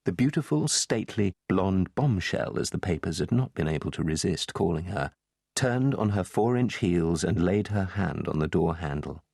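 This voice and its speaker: Man reading a novel aloud, lowish voice, measured, super dry close mic. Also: lively intonation, gravelly, darkish tone, slightly rough, no echo. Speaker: audiobook narrator. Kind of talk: scripted audiobook narration.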